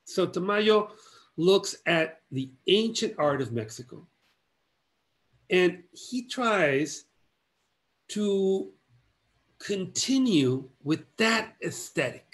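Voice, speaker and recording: A man giving an illustrated art history lecture in measured, halting phrases broken by long pauses. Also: sits high, big pitch swings.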